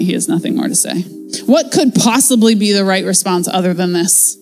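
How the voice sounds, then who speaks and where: A woman's voice: mid-range voice, moderate pace, gravelly, darkish tone, faint music behind. A woman giving a casual, conversational devotional Bible teaching in a chatty, playful way.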